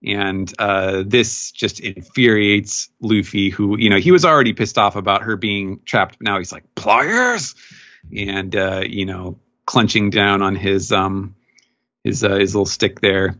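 A man's voice: on the low side, fairly even intonation, a little slow, pushed and bright, muffled recording. A man on a podcast casually recapping a comic chapter, rambling with lots of fillers and quoting characters in raised voices. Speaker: podcast co-host. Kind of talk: casual manga recap chat.

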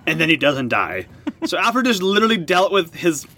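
A man hosting a casual comic-book podcast, retelling the story with excited, animated energy. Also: a little high, moderate pace. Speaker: podcast host.

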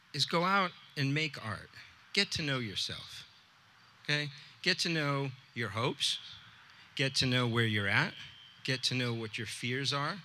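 Bright-voiced man telling a personal story. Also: mid-range voice, a little hiss or hum. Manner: earnest, conversational, with quoted dialogue. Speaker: storyteller at a live event.

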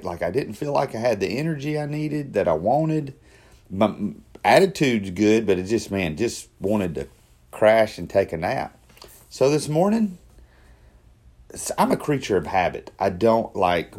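Low-voiced guy rambling through a casual video diary, lots of restarts. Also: creaky, darkish tone. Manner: rambling, self-correcting, with repeated starts. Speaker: daily video diarist. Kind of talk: casual self-reflective monologue.

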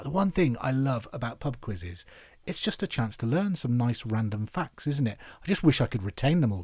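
A man from England hosting a trivia podcast, chatty and upbeat, reading out each question slowly and then again. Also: medium pitch, darkish tone, no room sound, clean studio sound. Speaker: quiz host.

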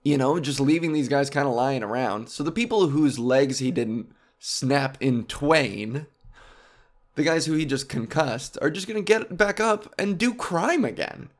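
A man's voice: mid-range voice, measured pace. A man talking in a casual comic monologue, rambling and profane, jumping from topic to topic. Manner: rambling, animated, profane, jumps between topics. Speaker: comedian podcast host.

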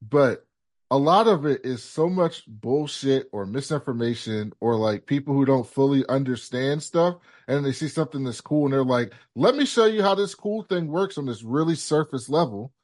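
A man's voice: mid-range voice, animated, moderate pace, darkish tone. A man from the United States co-hosting a casual podcast, giving opinionated, rambling takes with plenty of swearing and fillers. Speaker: podcast co-host, former film critic.

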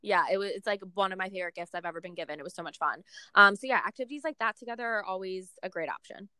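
A chatty young woman co-hosting a casual talk, her voice bright and smooth, with many fillers. She is recorded close and dry, with no room sound. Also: medium pitch, racing, no echo. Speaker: podcast co-host. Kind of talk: casual chat.

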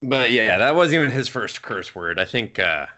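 A man in his thirties chatting casually on a podcast, his voice lively and rising and falling a lot as he tells funny family stories. His tone is bright and forward, and he laughs through his own tales and swears without a second thought. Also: mid-range voice, normal speed. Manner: laughing storyteller, swears freely, quotes people. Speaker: podcast co-host. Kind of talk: casual chat.

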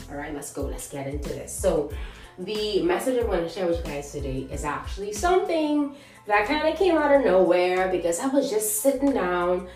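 A woman's voice: fairly low pitch, roomy sound, far from the mic. A woman hosting a devotional podcast, talking in a casual, emphatic and conversational way.

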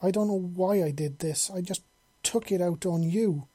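A frantic taloned woman begs and sobs through her apologies, her voice pushed up high and strained, as a narrator puts her on. The tone stays husky and mellow underneath, recorded close and dry. An audio storybook reading. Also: moderate pace, dry recording, close to an everyday voice. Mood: desperate apology. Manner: pleading, sobbing, raised pitch. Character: panicked remorseful winged woman.

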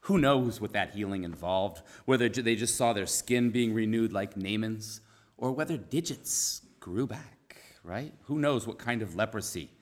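A man preaching a conversational sermon, earnest, repeating key phrases and dropping to a soft hush for emphasis. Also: on the low side, normal speed.

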